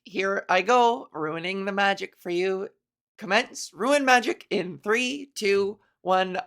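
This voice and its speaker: Slow, gravelly-voiced woman comedian rambling. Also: mid-range voice, a bit bright. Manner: rambling, giggly, breaks into silly voices. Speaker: comedian podcast host. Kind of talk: solo comedic monologue.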